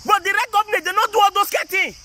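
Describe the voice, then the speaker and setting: A man's voice: extremely high pitch, fairly even intonation, quick pace, sharp tone, slight background noise. A man with a Nigerian Pidgin English accent, ranting to his viewers in a casual, emphatic and repetitive way. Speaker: vlogger. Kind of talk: casual political rant to viewers.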